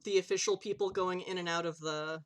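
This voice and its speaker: A woman's voice: lowish voice, steady tone, fairly quick. A woman running a tabletop game on a live stream, chatty and loose, swearing casually and laughing easily. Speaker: game master.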